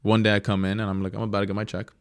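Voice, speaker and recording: A young man with a low, gravelly voice recounts his career as a goalkeeper in a relaxed interview. He is reflective and gets lively when acting out what others said. The sound is close and dry. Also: very fast, no room sound. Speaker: professional goalkeeper guest. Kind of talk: casual interview storytelling.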